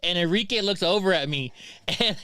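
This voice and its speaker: Bright, clear-voiced man guest. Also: mid-range voice, normal speed, no room sound. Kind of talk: casual chat.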